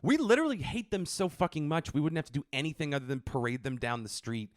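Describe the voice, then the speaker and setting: A man co-hosting a podcast, tossing off deadpan, profane jokes in casual comic chat. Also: on the high side, quick pace, no room sound, clean studio sound. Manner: joking, deadpan quips, profane. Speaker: podcast co-host.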